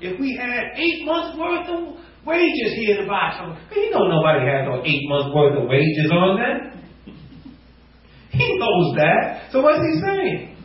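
A man preaching a sermon, animated, acting out quotes and rising to near shouts. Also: sits high, measured pace. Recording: echoey room, distant mic, muffled.

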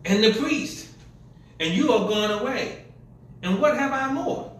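A man's voice: very high voice, animated, unhurried, pitched above the performer's own voice. A man preaching voices an aggrieved man who has been robbed and pleads that he has nothing left. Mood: indignant. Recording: echoey room from a distance.

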